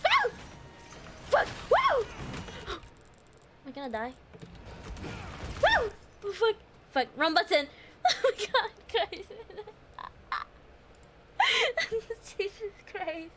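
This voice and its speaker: A woman's voice: extremely high pitch, drawn-out words, long pauses, noisy background. A woman streaming a game live, giggling, yelping at scares, taunting enemies and chatting with viewers. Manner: giggly and excitable, frequent laughter and yelps; taunts enemies and swears when startled.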